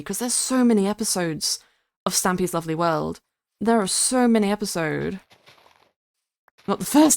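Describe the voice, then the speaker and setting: A woman's voice: on the low side, no room sound. A woman streamer chatting casually and rambling while she plays, swearing now and then and reading her chat aloud. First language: English.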